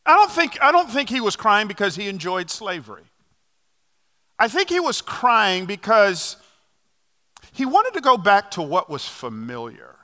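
Pastor mid-sermon, a man with a bright, forceful voice and animated storytelling, echoing through a big church. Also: high-pitched, a little slow. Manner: animated storytelling with fillers and restarts. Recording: long hall reverb.

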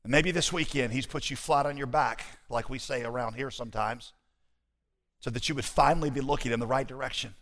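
A man preaching a sermon as pastor, animated and conversational with his congregation. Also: medium pitch, fairly quick. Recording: hall reverb.

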